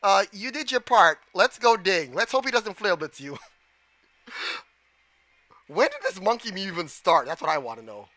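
A man streaming a game live, giving excitable commentary, gasping, shouting and swearing at the screen. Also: high-pitched, normal speed, pauses often, no room sound.

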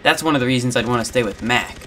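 A man's voice: medium pitch, fast, sharp tone, slight background noise. A man hosting a gaming channel, rambling in casual commentary over gameplay with lots of filler words.

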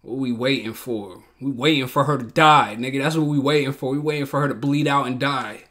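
A man's voice: mid-range voice, steady tone, brisk, fairly bright tone. A man hosting a show reaction, talking bluntly in profane slang and repeating himself in heated outbursts. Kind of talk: casual reaction commentary.

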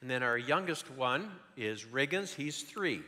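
Bright-voiced older man preaching in a hall. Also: medium pitch, a little slow. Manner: animated storytelling, shifting between loud and hushed. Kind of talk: sermon.

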